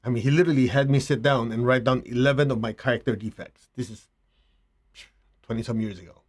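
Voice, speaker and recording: A middle-aged man, a spiritual teacher, giving a slow, reflective talk with rhetorical asides. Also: mid-range voice.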